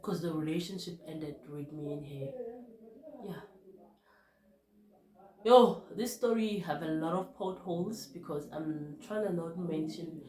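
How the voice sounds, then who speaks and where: Young South African woman, lowish voice, hushed confessional vlog storytelling, echoey room. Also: a little slow, pauses often. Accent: South African, mixing in Zulu. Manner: hushed and subdued when recalling events, code-switching. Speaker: vlogger. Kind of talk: personal storytelling to camera.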